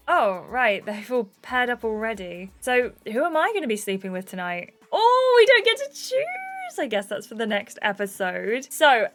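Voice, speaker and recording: A woman's voice: on the high side, a bit bright. A young woman hosting a gaming channel, reading a story game aloud and adding chatty, amused asides.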